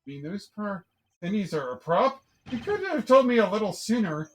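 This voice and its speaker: A streamer voicing a flustered, earnest young male lawyer from a game, firing off quick, exasperated retorts, read aloud on a live stream. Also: medium pitch, very animated, close to an everyday voice.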